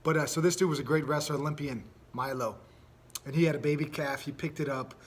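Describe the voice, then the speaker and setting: A man's voice: a little high, steady tone, fast, slightly rough. A man hosting a podcast, chatting in a rambling, laid-back way with lots of fillers. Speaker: podcast host. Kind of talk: casual podcast chat.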